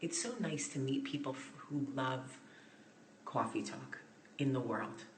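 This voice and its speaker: A woman in her thirties talking to viewers in a friend's apartment over a phone live stream, telling a story in an excitable, gushing way. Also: very deep voice, measured pace, slight background noise. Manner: excitable, gushing, speeds up and gets loud as story builds. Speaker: vlog host. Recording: echoey room.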